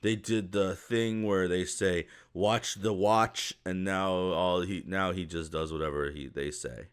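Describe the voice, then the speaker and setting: A man's voice: low voice, fairly even intonation, unhurried, clear, resonant tone. A man narrating as game master of a tabletop game, rambling with many fillers.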